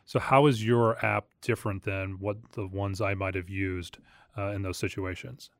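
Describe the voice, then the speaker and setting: Low-voiced male interviewer, dry sound. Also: steady tone, vocal fry, no room sound. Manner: conversational, halting questions. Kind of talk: interview questions.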